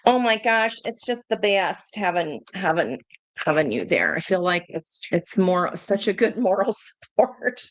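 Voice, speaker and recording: A woman's voice: on the low side, animated, unhurried, dry recording. A woman doing a live tarot reading, thinking aloud in a chatty way, laughing often and swearing casually. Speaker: tarot reader.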